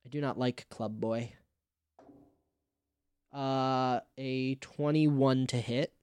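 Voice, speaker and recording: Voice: mid-range voice, steady tone, extremely slow, a little mellow, smooth, dry recording. A tabletop player casually stating actions and dice rolls with an easygoing, joking manner.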